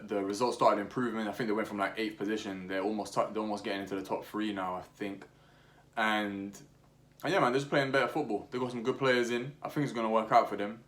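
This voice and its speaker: A man's voice: lowish voice, a bit bright. A young man talking casually about football as a podcast host, full of slang, restarts and fillers. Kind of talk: casual opinionated chat.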